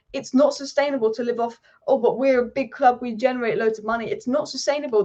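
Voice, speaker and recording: A fired-up woman hosts a live football stream from home, ranting quickly and with passion. Her voice sits a little high. The sound is dull and lo-fi. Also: a little mellow. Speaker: football channel host.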